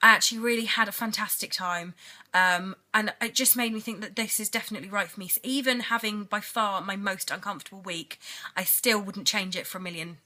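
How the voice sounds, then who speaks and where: A woman's voice: mid-range voice, fairly even intonation, a little fast, pushed and bright. A young British woman chatting in a giggly, rambling video diary. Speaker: vlogger.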